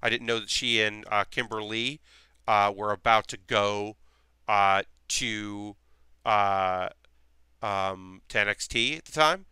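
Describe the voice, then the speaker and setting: A man's voice: lowish voice, takes it slowly, sharp tone, smooth, dry recording, clean studio sound. A man chatting casually with his live chat while building costume armor in his workshop, rambling with lots of fillers. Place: home workshop.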